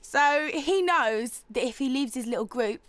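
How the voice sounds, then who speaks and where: A woman's voice: high voice, expressive, unhurried, fairly bright tone, no room sound. A young woman, a fashion stylist, chatting casually in a sarcastic, self-mocking, jokey way. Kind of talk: casual chat.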